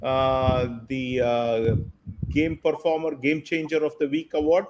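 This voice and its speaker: A man's voice: medium pitch, level tone, a little mellow. A man hosting a cricket panel on a video call, jokey and teasing. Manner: jokey, teasing, quick to laugh.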